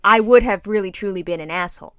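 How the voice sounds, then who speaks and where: A woman co-hosting a podcast, telling an animated, laughing story in casual chat and swearing freely. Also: medium pitch, fast, no room sound, clean studio sound. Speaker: podcast co-host.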